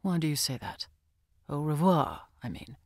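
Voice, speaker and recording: A woman's voice: deep voice, lively intonation, moderate pace, no room sound, studio quality, pitched below the performer's own voice. A woman reading a curt, brooding young man. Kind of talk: audiobook character reading.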